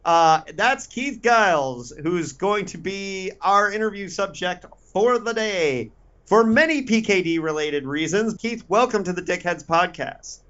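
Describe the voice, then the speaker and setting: High-voiced jokey podcast host man. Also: animated, unhurried, fairly bright tone, highs cut off. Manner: playful, jokey introductions. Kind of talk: podcast hosting.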